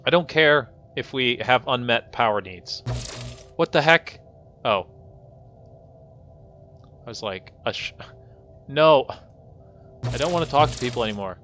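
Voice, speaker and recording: Bright-voiced man ranting over a game. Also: mid-range voice, lively intonation, unhurried, long pauses, faint music behind. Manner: exasperated, scolding his colonists, frequent outbursts. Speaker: gaming host. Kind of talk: live game commentary.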